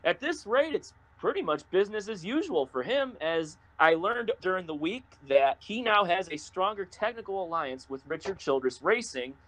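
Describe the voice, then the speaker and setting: A male co-host on a casual racing podcast talks with a lively, swooping pitch. He rants loudly and slips into mock crying. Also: moderate pace, hardly any pauses. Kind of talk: casual sports podcast chat.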